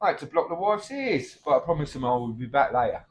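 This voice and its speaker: A man's voice: fairly high pitch, very animated, fast talker, a little hiss or hum. A middle-aged man, trading cheeky, blokey comic banter and calling his partner mate. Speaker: comedy double act co-host.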